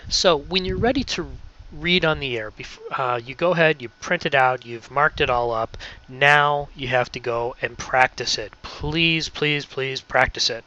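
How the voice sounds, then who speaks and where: A man's voice: mid-range voice, normal speed, sharp tone, dull audio. A man leading a casual training talk for radio volunteers, friendly and often checking in with "okay?".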